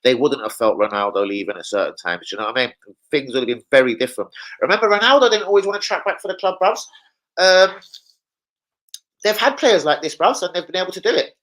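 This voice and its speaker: Sweary, slangy and animated, this young fan channel host rants about football and keeps mimicking people. His voice is a little high and quick-paced, captured on a low-quality recording.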